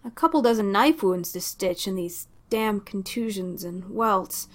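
A woman voicing a soft-spoken worried male doctor. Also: medium pitch, unhurried, lightly acted. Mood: concerned. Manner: soft, concerned, sometimes swearing. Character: gentle, worried male doctor tending wounds. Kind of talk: audiobook character reading.

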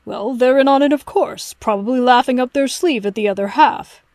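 A woman voicing a brilliant, arrogant male detective who lectures in a crisp, dismissive way. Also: sits high, normal speed, darkish tone, no room sound. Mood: lecturing. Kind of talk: audiobook reading of fan fiction.

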